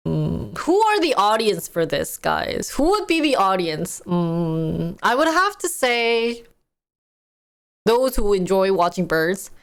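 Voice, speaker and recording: Slow-talking chatty woman streamer. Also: mid-range voice, clean tone. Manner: chatty, reacting to chat, laughs often. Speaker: live streamer. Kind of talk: casual live-stream commentary.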